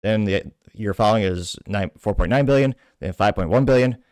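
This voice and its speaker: A man's voice: fairly low pitch, brisk, a little mellow, dry recording, clean studio sound. A man hosting a show, delivering indignant, emphatic political opinion commentary. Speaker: show host.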